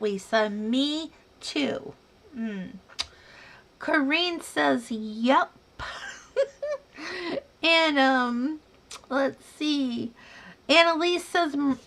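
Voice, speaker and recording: A woman's voice: sits high, a bit bright. A woman hosting a casual yarn livestream, chatting with viewers, reading their comments aloud and calling them dear and sweetheart. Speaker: yarn crafting livestream host.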